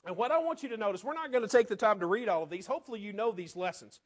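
Racing along in a high voice with lively intonation, a preacher delivers a conversational sermon, tossing rhetorical questions at his congregation and frequently slipping into hushed asides.

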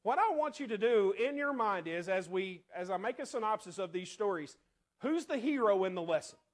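This sermon comes from a man whose high-pitched voice is animated and brisk. He talks to the congregation in a conversational way, asking rhetorical questions and often lowering his voice for quiet asides.

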